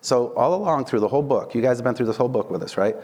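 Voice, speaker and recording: A man preaching a casual sermon, conversational and animated, often checking in with the listeners with "right?" and "okay?". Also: medium pitch, racing. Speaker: preacher and Bible teacher.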